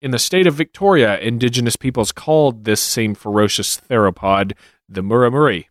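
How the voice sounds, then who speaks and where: A male podcast co-host with a mid-pitched voice reads out creature reports and drops in dry jokes. The sound is close and dry, with no room around it. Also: brisk, no echo. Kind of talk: casual podcast chat.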